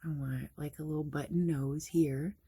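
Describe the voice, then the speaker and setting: A woman's voice: low voice, steady tone, moderate pace, mellow, husky. A woman chatting casually through a makeup tutorial, explaining each step and laughing at herself now and then. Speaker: makeup vlogger.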